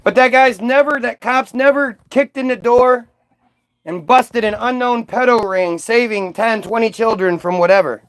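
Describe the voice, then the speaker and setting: A man's voice: very high-pitched, moderate pace, a bit bright, dry recording. A man delivering a profane, sarcastic ranting monologue, mocking as he goes. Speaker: vlogger.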